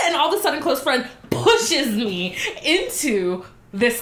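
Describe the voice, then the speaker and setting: A woman telling a story in casual chat, animated and giggly, acting out the dialogue. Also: sits high, unhurried, hardly any pauses, reverberant, a little hiss or hum.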